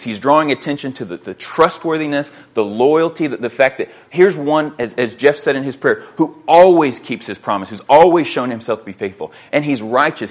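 A man preaching a sermon as pastor, reading scripture aloud and often repeating words as he works through his thoughts. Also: on the high side. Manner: earnest, repeats words while thinking, reads scripture aloud.

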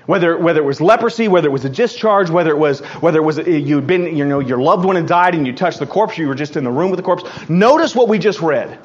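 A pastor preaches to his church, his voice sitting a little high for a man. He reads scripture aloud and explains it in an animated way, often stumbling over and restarting his words. The recording sounds dull and lo-fi. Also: fast talker, hardly any pauses. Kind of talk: sermon.

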